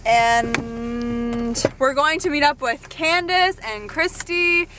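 A woman vlogging to a handheld camera at an outdoor theme park, bubbly and giggly, cheering and shouting with excitement. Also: sits high, slow. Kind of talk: casual vlog narration to camera. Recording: loud music and crowd noise outdoors. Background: loud park music and crowd.

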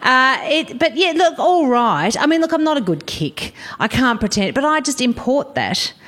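A middle-aged Australian woman, a guest on a chat show, telling comic stories about coaching junior football in a lively, wry way and laughing often. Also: sits high, normal speed. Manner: animated storyteller, wry, laughs often, acts out voices. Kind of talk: casual chat, comic anecdotes.

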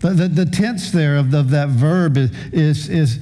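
Slow, mellow-voiced older male pastor. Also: a little high. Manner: halting, repeats words when starting phrases. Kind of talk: sermon.

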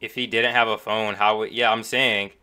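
A man's voice: lowish voice, flat delivery, moderate pace, sharp tone, slight background noise. A man giving casual, joking reaction commentary with offhand asides. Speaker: reaction video host.

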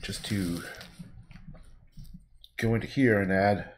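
Casting note: low-voiced man, loose rambling livestream chatter, faint mouse clicks behind. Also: fairly even intonation, slow pace, slight background noise. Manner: rambling, laid-back, swears casually. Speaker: painter streaming his work. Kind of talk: casual livestream talk while painting.

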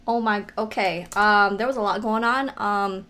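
A young woman reacting to a video in casual, animated commentary, often exclaiming and laughing. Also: medium pitch, normal speed. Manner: animated, exclaiming and laughing at what she watches. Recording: music playing behind her voice. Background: faint music.

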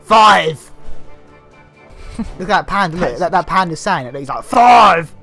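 A man's voice: a little high, fast talker, sharp tone, soft background music. A young man teasing his friend, laughing and swearing while they play a game together. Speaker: gamer co-host. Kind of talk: casual gaming banter.

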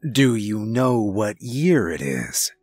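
A man voicing a calm, compassionate police chief who speaks softly and gently. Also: fairly low pitch, slightly rough, no echo, faint music behind, exaggerated voice. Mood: gentle. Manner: soft, gentle, measured.

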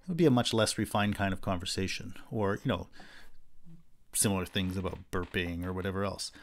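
A man whose voice sits low speaks fairly quickly in a recorded university lecture on philosophy. He keeps it conversational with frequent fillers and restarted sentences, animatedly acting out voices for his examples.

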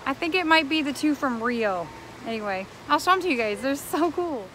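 A woman's voice: high-pitched, expressive, normal speed, background noise. A woman filming a casual travel vlog outdoors at a theme park, chatty and bubbly, cooing at the animals she passes. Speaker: travel vlogger. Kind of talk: casual vlog walk-through.

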